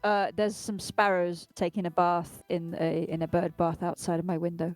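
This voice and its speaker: A woman's voice: fairly low pitch, level tone, moderate pace, a little mellow, no room sound, soft background music. Playful woman chatting casually. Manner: joking, playful. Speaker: co-host. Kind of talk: casual chat.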